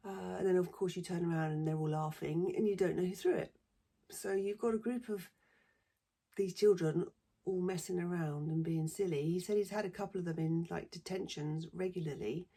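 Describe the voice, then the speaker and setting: A woman's voice: fairly low pitch, normal speed, warm tone. A middle-aged woman with a southern English accent, a former secondary teacher talking bluntly and swearing freely in a casual monologue. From southern England.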